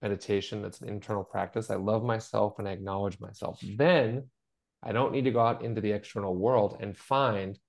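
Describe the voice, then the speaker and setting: A man's voice: lowish voice, fairly even intonation, fairly quick, creaky. A middle-aged man co-hosting a podcast, talking in an earnest, storytelling way and acting out the voices of the people he quotes. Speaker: podcast co-host. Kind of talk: conversational podcast chat.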